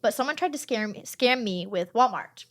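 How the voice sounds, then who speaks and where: A woman's voice: fairly high pitch, animated, normal speed, fairly bright tone. A woman hosting a podcast in casual chat, bubbly and rambling, with many "like"s. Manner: bubbly, rambling, heavy use of "like". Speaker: podcast host.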